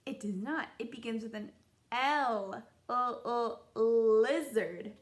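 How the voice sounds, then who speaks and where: A young woman teaching a children's phonics lesson, sounding out letters in a slow, encouraging sing-song way. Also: fairly high pitch. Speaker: kindergarten teacher.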